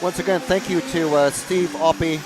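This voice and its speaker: A man's voice: fairly high pitch, steady tone, moderate pace, background noise. Easygoing American man co-commentating. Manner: easygoing, hesitant, laughs along. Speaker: race co-commentator. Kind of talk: casual live commentary. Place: indoor RC race track venue.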